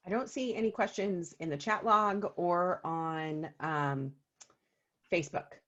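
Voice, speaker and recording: This co-host of an oils business meeting chats over video, telling stories with many ums in a casual way. Her voice is fairly low and fairly bright, her pace measured, and the sound lo-fi.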